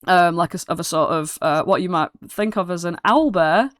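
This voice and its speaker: A woman's voice: fairly low pitch, brisk, dry recording. A young British woman narrating as game master, rambling, with lots of "like" and "um". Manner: rambling, full of "like" and "um". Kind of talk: casual tabletop narration.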